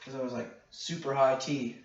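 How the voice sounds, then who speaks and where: A man's voice: medium pitch, steady tone, moderate pace. A young man rambling crudely and mocking himself, with many fillers, in a solo podcast monologue recorded on a camera mic in a small room at home. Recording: echoey room, dull lo-fi camera audio, faint noise.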